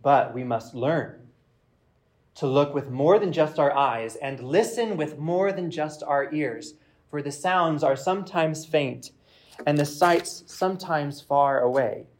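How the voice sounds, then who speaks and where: A man preaching, reading a reflective passage aloud in a measured way with pauses. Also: fairly high pitch. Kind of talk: sermon with read-aloud passage.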